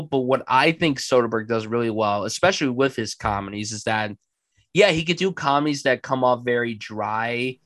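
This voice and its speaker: A man chatting casually about a film he loves on a podcast, enthusiastic and animated. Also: mid-range voice, dry recording. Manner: enthusiastic, animated, acts out quotes. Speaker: film reviewer.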